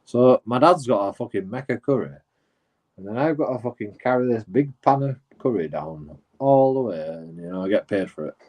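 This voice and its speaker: A man's voice: on the low side, lively intonation, normal speed, darkish tone, dull audio. A man telling a rambling, sweary story as a streamer, full of restarts and asides. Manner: rambling, sweary, lots of "you know" and restarts. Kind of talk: casual storytelling.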